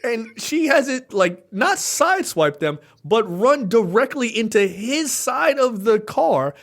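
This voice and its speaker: A man with an extremely high voice co-hosts a movie review podcast, speaking unhurriedly. He's animated and laughing as he casually retells scenes and acts out lines from the films.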